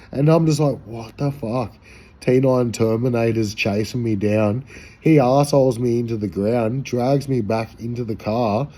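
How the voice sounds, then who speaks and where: Australian bloke, husky and dark-toned, casual rambling storyteller, swears freely. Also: male voice, fairly low pitch. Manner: rambling, profane, slangy. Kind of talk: casual anecdote.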